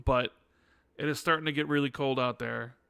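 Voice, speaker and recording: Male podcast host, sarcastic and chatty, gravelly edge, dry close sound. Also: mid-range voice, fairly even intonation, moderate pace, pushed and bright, no echo. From United States. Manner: joking, sarcastic, with frequent restarts. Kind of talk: casual chat.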